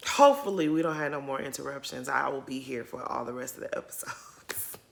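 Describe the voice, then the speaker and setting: A woman's voice: extremely low pitch, a little fast, gravelly. A woman giving a casual, candid recap of a reality show episode, talking straight to her viewers. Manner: chatty, addresses viewers as y'all; candid, openly emotional. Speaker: reality TV commentary YouTuber. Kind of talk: casual recap commentary to camera.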